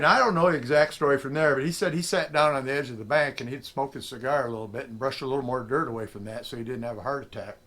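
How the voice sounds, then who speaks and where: A middle-aged man, a prospecting vlogger, telling a story casually and acting out the lines of the people in it. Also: medium pitch. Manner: animated storyteller, acts out quotes.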